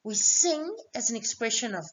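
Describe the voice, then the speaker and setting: Lady teacher going over exam stuff, high voice, slow and patient, kinda dull lo-fi sound. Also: expressive, a bit bright. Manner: explains patiently, asks questions and answers them herself. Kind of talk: exam revision lesson. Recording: dull lo-fi recording.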